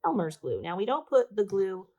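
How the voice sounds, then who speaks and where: A woman's voice: medium pitch, big pitch swings, moderate pace, mellow, lo-fi sound. A woman teaching a paper craft step by step, chatty and a little self-mocking as she works. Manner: chatty and self-deprecating, talking while working. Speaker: art teacher.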